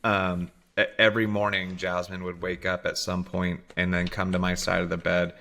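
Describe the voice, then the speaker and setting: A man co-hosting a casual podcast chat over a remote call, animated, sometimes acting out his dog in a squeaky voice. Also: moderate pace. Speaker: podcast co-host. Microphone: remote recording call.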